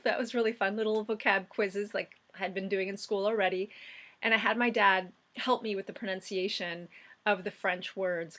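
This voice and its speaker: Woman, 40s, casual vlog chat, middle pitch, reminiscing with ums and restarts. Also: fairly bright tone. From United States. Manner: chatty and reminiscing, with fillers and restarts. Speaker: vlogger.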